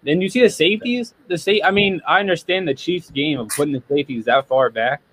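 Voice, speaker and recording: A man's voice: a little high, fast talker, a bit bright, poor audio. A man co-hosting a casual sports podcast, blunt and profane, often laughing. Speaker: podcast co-host.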